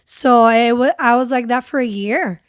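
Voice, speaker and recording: A woman's voice: a little high, moderate pace, clean tone, no echo, clean studio sound. A young woman speaking as a podcast guest and radio host, telling her story candidly and switching between English and Spanish. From San Diego. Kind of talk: casual interview chat.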